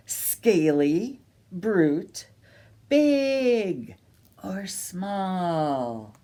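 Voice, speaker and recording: A woman reads a picture book to young children at a very slow, unhurried pace. Her pitch swings widely in a lively sing-song, and she keeps coaxing the little listeners to join in. Her voice sits on the low side. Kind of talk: slow, animated storytime read-aloud.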